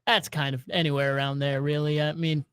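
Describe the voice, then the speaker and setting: A man's voice: a little high, level tone, fairly quick, a bit bright, clean tone, dry recording. A man with a Southern accent that has some northern traces, co-hosting a sports podcast in a laid-back, agreeable way. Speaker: podcast co-host. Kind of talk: casual sports podcast chat.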